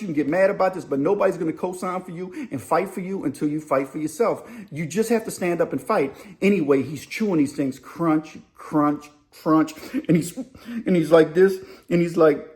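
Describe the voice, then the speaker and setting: Guy telling a story, highish voice, lively, acts out the other voices. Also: normal speed. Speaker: storyteller host. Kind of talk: casual spoken storytelling.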